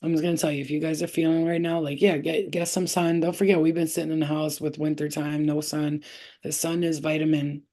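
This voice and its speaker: A woman's voice: low voice, flat delivery, brisk, mellow. A woman hosting a casual spiritual livestream, rambling and profane with street slang, and often telling viewers she loves them.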